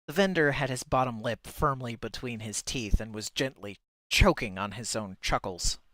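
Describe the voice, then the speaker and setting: A man reads a short story aloud on a livestream show, breaking in now and then with wry, self-mocking remarks. His voice sits at an ordinary pitch and sounds dry and close to the mic. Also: moderate pace, sharp tone, no echo. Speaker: podcast host and reader. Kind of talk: reading fiction aloud on a livestream.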